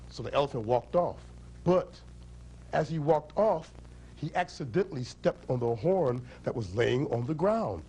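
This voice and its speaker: A man telling a folk tale to children in a library, animated and drawing his audience in. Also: medium pitch, moderate pace, slight background noise. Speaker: storyteller. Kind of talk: storytelling for children.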